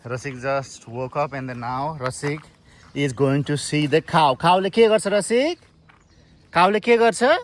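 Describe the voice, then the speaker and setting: Man, high voice, sing-song coaxing, outdoors on a farm, phone mic, faint background noise. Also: quick pace. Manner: coaxing, sing-song talk to a toddler, mixing English and Nepali. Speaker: vlogger and father. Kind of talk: casual family vlog narration.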